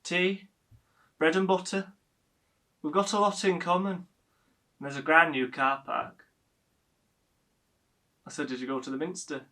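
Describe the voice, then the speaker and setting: Young guy as a fussy pedantic son, brightish tense voice, stage monologue. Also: on the high side, steady tone, unhurried, long pauses. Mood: wry. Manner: dry, pedantic, nervous. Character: fussy, pedantic middle-aged son living with his mother. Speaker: actor playing a grown son.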